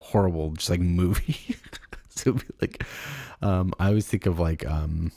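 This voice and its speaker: A low-pitched man with a gravelly fry in his voice chats casually on a podcast, rambling through ideas with plenty of fillers and giggles. He sounds a little tired, and the recording is close and dry with no room sound. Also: normal speed, mellow, no echo. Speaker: podcast co-host. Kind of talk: casual chat.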